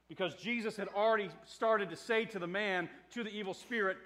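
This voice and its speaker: High-voiced preaching man, hushed to loud. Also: moderate pace. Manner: dynamic preaching that swings between hushed and loud; conversational with fillers and restarts. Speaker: pastor. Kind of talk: sermon.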